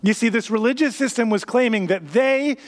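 A man's voice: very high voice, a little fast. A man preaching a sermon in an earnest way, reading scripture aloud, with some restarts. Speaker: pastor.

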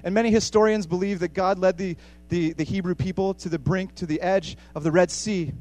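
A man preaching a sermon with passion, repeating phrases for emphasis and swinging between hushed and loud. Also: high-pitched, steady tone, a little fast, faint music behind.

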